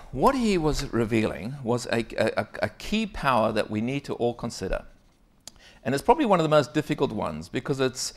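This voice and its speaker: Male executive coach on stage, animated storyteller, gravelly voice. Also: mid-range voice. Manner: lively storytelling, frequent "right?" asides to the audience. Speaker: keynote speaker, executive coach. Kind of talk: conference keynote talk.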